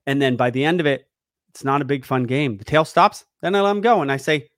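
A fast-talking podcast host with a medium-pitched voice discusses dog training in a casual chat, recorded at studio quality with no echo. He's animated, working himself up as he voices the dog's thoughts.

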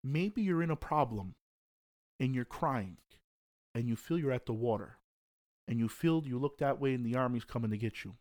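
A man's voice: medium pitch, lively intonation, moderate pace, a little mellow. A man hosting a devotional podcast, talking in an emphatic, preaching way with repeated exhortations. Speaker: podcast host.

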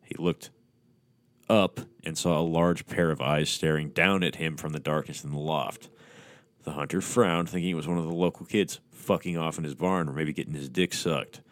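A man with a very low voice reads a horror story aloud, breaking in with crude, mocking asides. The sound is close and dry, with no room around it. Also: fairly even intonation, normal speed, no room sound. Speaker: podcast host. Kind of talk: sardonic horror story reading.

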